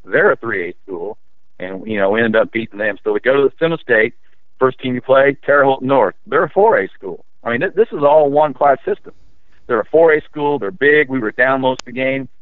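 A man recalling his high school basketball days in a rambling, casual way, full of restarts and fillers. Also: brisk, no room sound. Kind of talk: storytelling in a casual interview. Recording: dry, tinny phone-line sound.

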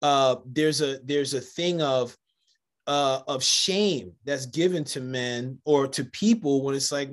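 A man hosting a casual conversation, telling animated stories and acting out the voices of people in them. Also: mid-range voice, a little slow. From United States, Jamaican family. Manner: animated storyteller, acts out quoted voices. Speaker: podcast host.

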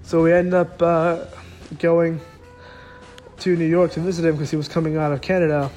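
A man's voice: a little high, level tone, normal speed, a little mellow, soft background music. A young man telling a personal story in a casual, rambling way, full of filler words.

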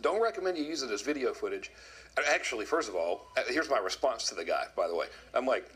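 A man telling a story to his viewers in a casual, animated monologue, often quoting others. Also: medium pitch, quick pace, husky. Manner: animated storyteller, quotes people in put-on voices. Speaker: video commentator.

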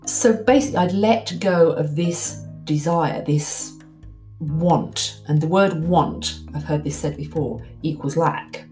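Woman, forties, candid personal storytelling, lowish voice, faint music underneath. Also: slow pace. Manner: candid, reflective, animated when quoting her past self. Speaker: speaker.

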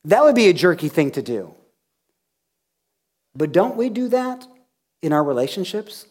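A man's voice: sits high, normal speed. A male pastor preaching a sermon, retelling a scripture story with acted-out dialogue. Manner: animated storytelling, acting out dialogue.

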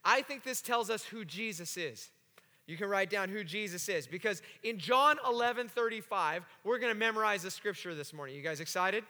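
Bright high-voiced man preaching in a hall. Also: moderate pace. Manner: animated, joking with congregation. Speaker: pastor. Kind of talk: sermon. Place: church sanctuary. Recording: long hall reverb.

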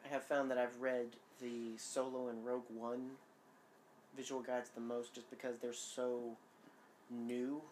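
Woman, very low pitch, from Georgia, podcast co-host, animated chatty delivery, faint noise. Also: measured pace. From Georgia, USA. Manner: laughs often, animated and chatty. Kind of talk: casual podcast chat.

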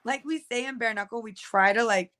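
A young woman co-hosts a relaxed podcast. Her voice sits on the higher side, and she rambles through her points with plenty of "like" and "you know." She sounds easygoing and chatty. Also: a little fast. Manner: chatty, many fillers and restarts. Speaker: co-host. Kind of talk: casual podcast chat.

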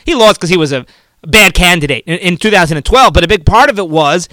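A man's voice: sits high, animated, fast talker, bright, forceful tone, no echo. A man hosting a political talk show, giving fervent, rambling commentary and often repeating and restarting his words.

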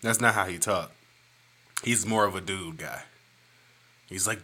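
A man hosting a casual solo podcast, ranting in an animated, profane, joking way. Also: on the low side, unhurried, pauses often. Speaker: podcast host.

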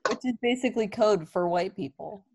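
A woman's voice: medium pitch, a little fast, a little mellow, slightly rough. Sarcastic woman in a podcast chat. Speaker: podcast co-host. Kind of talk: casual chat.

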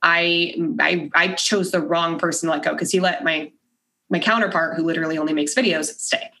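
A woman with a low voice chats as a podcast guest, her story told in an easy, everyday way. She is animated and full of "like", and she acts out the words of the people she quotes. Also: brisk. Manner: animated, acts out quoted dialogue, heavy use of "like". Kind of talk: casual conversational storytelling.

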